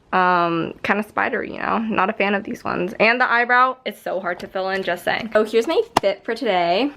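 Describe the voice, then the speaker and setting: A woman's voice: mid-range voice, vocal fry, background noise. A young woman vlogging at home, telling a story in a chatty, casual way, filling her talk with "like" and "you know.". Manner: chatty, many "like" fillers, re-enacts her own screams.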